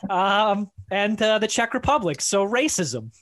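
A man's voice: sits high, sing-song, a little slow, a bit bright. A man from Iceland co-hosting a casual football podcast, joking and sarcastic as he chats. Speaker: podcast co-host. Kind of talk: casual sports chat.

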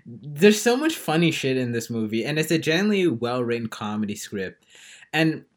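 Retelling film scenes on a podcast, this male co-host rambles casually with lots of fillers and restarts. He speaks at normal speed in a mid-range voice that swings widely in pitch.

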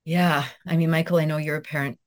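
Thoughtful female author, thirties, lowish voice, hesitant and reflective. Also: level tone, quick pace. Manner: soft, reflective, with many hesitations and restarts. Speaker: guest author. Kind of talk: conversational interview, then reading her own essay aloud.

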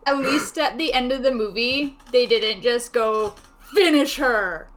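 A woman's voice: on the high side, a little slow, crowd noise. A woman co-hosting a podcast, playful and self-mocking, tired from little sleep. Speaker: podcast co-host.

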